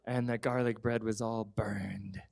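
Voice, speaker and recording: A man telling a children's story in a church service, animated and lively, acting out the kids' voices. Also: lowish voice, measured pace, gravelly.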